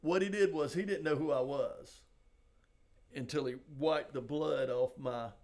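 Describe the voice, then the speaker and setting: An older man, a police sergeant, telling a personal story in a halting, conversational way, full of "you know". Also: fairly high pitch, a little mellow. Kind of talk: storytelling in a podcast interview.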